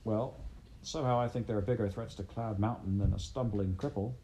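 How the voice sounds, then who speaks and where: A man reading as a proud young rabbit who limps and sulks. His retorts come out low and mellow. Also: fairly even intonation, fairly quick, a little hiss or hum, natural voice, rough recording. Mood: bitter. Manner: bitter, sulky retorts. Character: young lame male rabbit, bitter and proud.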